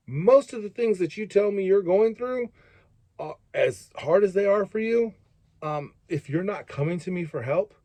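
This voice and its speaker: A man talks in an earnest, emphatic and slightly preachy way as he gives fatherly advice. His voice sits fairly high and swings up and down with lots of expression. The recording is dry and close, with no room sound. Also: dark tone, no echo. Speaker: father giving life advice, channel host. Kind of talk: casual advice monologue to camera.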